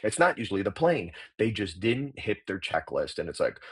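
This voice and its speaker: A middle-aged actor and acting coach talking bluntly and profanely in a casual interview. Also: male voice, fairly low pitch, big pitch swings, normal speed, few pauses, husky.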